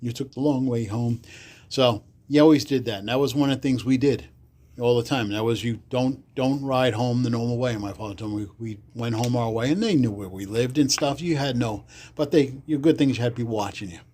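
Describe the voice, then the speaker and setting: A man's voice: mid-range voice, brisk, dark tone. A man from the Bronx, a podcast guest telling rambling stories and acting out the people he quotes. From the Bronx, New York. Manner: rambling, acts out quoted people in livelier voices. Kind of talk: casual storytelling interview.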